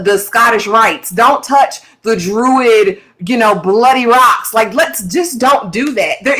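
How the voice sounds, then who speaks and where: A bright, forceful woman co-hosts a casual TV recap. She talks in an animated, exclamatory way and often slips into short acted-out lines from the characters. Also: fairly high pitch. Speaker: TV review show co-host.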